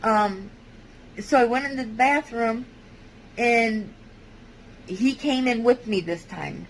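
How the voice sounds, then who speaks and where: A woman vlogger giving a halting, hesitant personal testimony, with many fillers and restarts. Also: on the high side, a little hiss or hum, rough recording.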